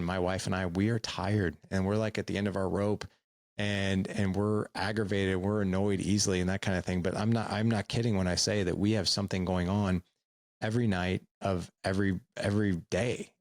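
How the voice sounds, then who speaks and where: A man's voice: low voice, no echo. A middle-aged man hosting a podcast, telling a personal story in an earnest, candid way, often repeating words for emphasis. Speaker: podcast host.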